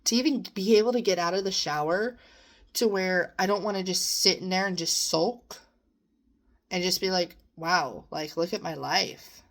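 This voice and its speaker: A young woman shares a heartfelt personal monologue, her voice at an ordinary middle pitch. She is earnest and emotional, sometimes close to tears, but keeps pressing on with encouragement for herself and her listeners. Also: moderate pace. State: near tears at times. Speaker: vlogger.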